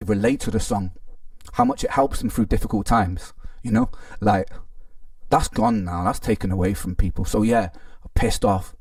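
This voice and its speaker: A man's voice: fairly low pitch, very animated, moderate pace, vocal fry, darkish tone, dry recording, studio quality, recorded from a distance. A man telling his story in a played clip, earnest, hurt and indignant, often restarting his sentences. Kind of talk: emotional personal account in a played clip.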